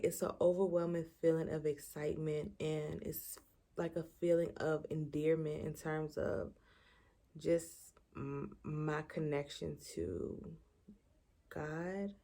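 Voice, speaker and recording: This young vlogger chats to her camera before sleeping, her low voice gravelly yet warm. Emotional and near tears at moments, she reflects aloud, searching for words through many fillers and false starts, all caught on the camera mic.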